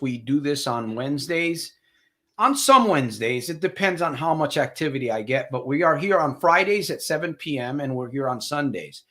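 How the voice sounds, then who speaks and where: A man's voice: a little high, a bit bright. A man hosting a live motivational broadcast as a recovery coach. He talks to viewers as friends in a preachy way, repeats his phrases for emphasis, and reads out viewer comments. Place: home studio with green screen.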